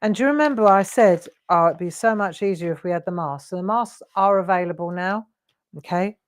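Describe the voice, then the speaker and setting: A woman's voice: on the low side, brisk. A woman hosting a live craft demonstration, chatting and teasing her viewers with frequent laughs. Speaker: craft show host.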